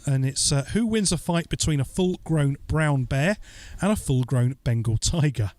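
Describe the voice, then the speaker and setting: A man with a voice pitched a little high for a man hosts a casual podcast segment, reading out listener questions. His answers are loose and tongue-in-cheek, full of "uh" fillers and restarts. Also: expressive, moderate pace, darkish tone, no room sound. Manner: joking, loose delivery with frequent "uh" fillers. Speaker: stand-in podcast host.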